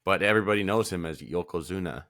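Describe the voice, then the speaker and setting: Man co-host, very deep voice, relaxed casual chat, swears a lot, dry sound. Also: fast, no echo. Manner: laid-back, swears casually, frequent "like" fillers. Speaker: podcast co-host.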